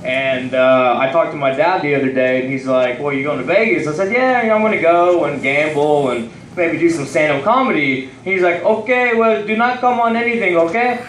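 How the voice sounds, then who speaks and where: A high-pitched young man, telling rambling, profane stories in a stand-up set. His voice comes from a distance in a roomy club, with faint ambience behind it. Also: a little fast, hardly any pauses, a bit bright, a little hiss or hum. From Texas. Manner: rambling, profane, loose storytelling. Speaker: stand-up comedian. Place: comedy club stage. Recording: roomy sound from a distant mic.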